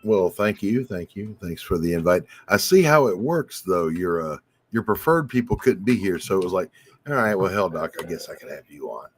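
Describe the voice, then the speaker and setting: A man who is a guest artist on a drawing livestream, chatting casually with dry, deadpan humor. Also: deep voice, moderate pace, husky, rough recording.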